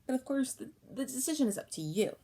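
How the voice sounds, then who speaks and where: A woman voicing a village midwife who seems sweet and speaks gently as she gives grim, ominous advice. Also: high voice, very animated, quick pace, voice pushed up, heavily acted.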